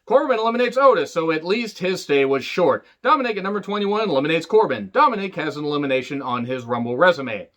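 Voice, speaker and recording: A man's voice: fairly high pitch, lively intonation, fast, few pauses, fairly bright tone. A man reviewing a wrestling show in a casual solo monologue, sarcastic and profane, with rambling asides. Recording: dull lo-fi audio.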